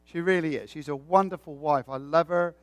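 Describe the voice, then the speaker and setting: A man's voice: on the high side, fairly quick, dry recording, faint music behind. A man preaching a sermon with a folksy, joking way of telling stories.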